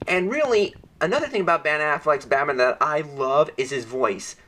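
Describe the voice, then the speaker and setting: A man's voice: on the high side, expressive, normal speed, hardly any pauses, bright, forceful tone. A young man giving a casual, eager movie review in a vlog, rambling with frequent restarts.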